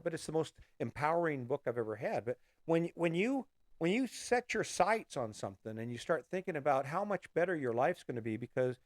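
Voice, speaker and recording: A man's voice: medium pitch, no room sound, studio quality. A middle-aged man, hosting a casual motivational monologue in a blunt, fired-up way and swearing freely. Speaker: podcast host.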